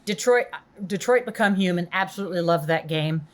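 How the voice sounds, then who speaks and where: A woman's voice: on the low side, brisk. A woman guesting on a gaming podcast, chatty and enthusiastic in casual chat.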